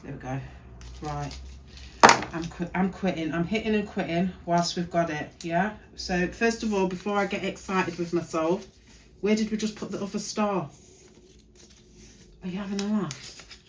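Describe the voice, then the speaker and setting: A woman's voice: lowish voice, moderate pace, slight background noise, rough recording. A tired woman, chatting and muttering to herself while working in her craft studio. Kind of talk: casual crafting vlog narration.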